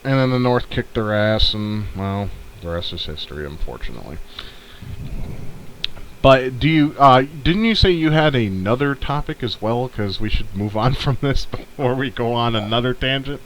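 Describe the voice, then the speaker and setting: Man, podcast co-host, casual chat, profane, rambling rants, mid-pitched. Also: expressive, normal speed, slight background noise, poor audio. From northern United States.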